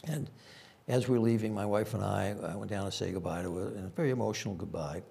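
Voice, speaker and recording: Gravelly older man with a Boston accent. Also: on the low side, fast, warm tone. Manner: rambling anecdotal, frequent fillers. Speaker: former police chief. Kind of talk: conference panel storytelling.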